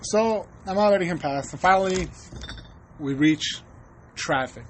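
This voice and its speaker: A young man casually telling a story on a podcast, animated and profane. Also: sits high, unhurried, slight background noise. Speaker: podcast co-host.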